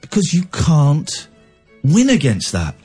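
A man's voice: mid-range voice, sing-song, moderate pace, slightly rough, faint music behind. A man hosting a radio phone-in, thinking aloud with many restarts. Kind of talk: casual radio talk.

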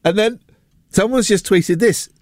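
A man's voice: sits high, unhurried, a little mellow, no room sound, studio quality. A man hosting a casual breakfast radio show, chatting playfully. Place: radio studio. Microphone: studio mic.

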